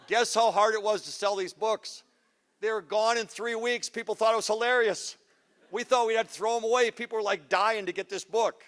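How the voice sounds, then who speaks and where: A middle-aged man giving a live parenting talk to an audience, joking, goofy and energetic, teasing the crowd. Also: high-pitched, a little fast. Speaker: parenting seminar speaker. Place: school event before a live audience.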